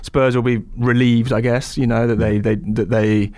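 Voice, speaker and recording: A man's voice: mid-range voice, flat delivery, normal speed, darkish tone, no echo. A man reporting on a football match in a podcast chat, thoughtful and a bit hesitant. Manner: thoughtful, hesitant, many restarts. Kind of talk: casual podcast discussion.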